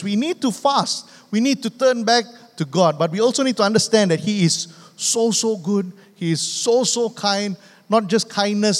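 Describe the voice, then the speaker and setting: A man, preaching a sermon as pastor, emphatic and repetitive, calling out for amens. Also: a little high. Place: church sanctuary. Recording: long reverb of a church hall.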